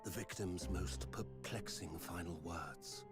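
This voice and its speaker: A man narrating a game scene in a measured, deliberate way. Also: deep voice. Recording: game audio under loud music.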